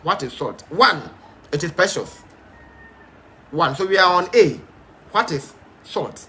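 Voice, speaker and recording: A man's voice: high voice, lively intonation, measured pace, sharp tone, slight background noise. A man teaching a Bible study in an emphatic, stern, repetitive way, with frequent fillers.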